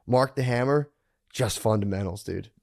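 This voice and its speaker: A man's voice: on the low side, moderate pace, gravelly, darkish tone. A man in his thirties co-hosting a podcast, telling stories casually, swearing freely and laughing often. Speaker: podcast co-host.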